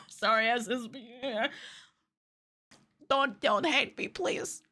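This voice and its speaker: A woman's voice: high-pitched, sing-song, very slow, pushed and bright. A woman streaming a game, chatting casually in a rambling, giggly way and swearing freely. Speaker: VTuber streamer and model rigger. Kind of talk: casual live-stream chat while gaming.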